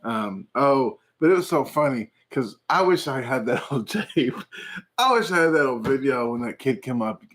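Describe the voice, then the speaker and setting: A man's voice: medium pitch, animated, moderate pace, fairly bright tone. A man hosting his channel, chatting casually and rambling through viewer comments with frequent jokes and laughs. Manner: rambling, jokey, laughs often. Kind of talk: casual livestream chat.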